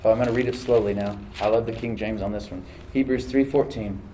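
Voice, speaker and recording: A man's voice: lowish voice, steady tone, quick pace, dark tone, a little hiss or hum. A middle-aged male pastor preaching a sermon to his congregation, exhorting and repeating phrases for emphasis. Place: church hall with congregation. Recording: roomy church echo.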